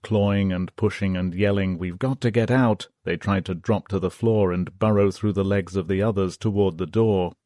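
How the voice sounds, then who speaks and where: A man narrating a history audiobook in a steady, measured reading. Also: sits low, dry recording, studio quality.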